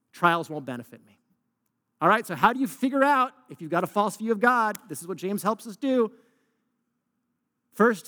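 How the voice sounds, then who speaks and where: Animated high-voiced male preacher. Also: long reverb tail. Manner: animated, conversational preaching with rhetorical questions. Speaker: pastor. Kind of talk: sermon.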